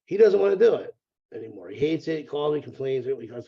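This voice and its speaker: Mellow-voiced man on a dull remote line. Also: medium pitch, sing-song, fast, gravelly. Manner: rambling, repeats words, swears freely. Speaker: real estate broker, podcast guest. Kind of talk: casual interview talk.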